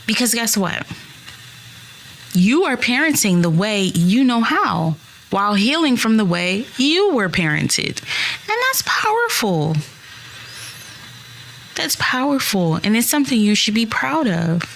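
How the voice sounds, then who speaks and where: A woman's voice: fairly high pitch, sing-song, measured pace, vocal fry, a bit bright, slight background noise. A woman in her thirties hosting a solo podcast, speaking earnestly and reassuringly straight to her listeners. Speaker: podcast host.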